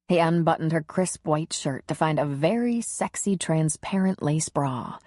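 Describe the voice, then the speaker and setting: A woman narrating an audiobook in a calm, even, intimate reading. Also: deep voice, measured pace, hardly any pauses, dry recording, studio quality. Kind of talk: scripted narration.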